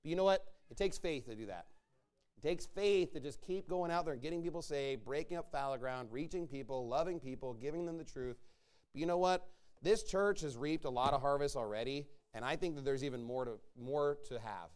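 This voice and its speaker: A man's voice: on the high side, fairly quick, a little mellow, smooth. A man preaching a sermon to his church, emphatic and repetitive as he rallies his listeners.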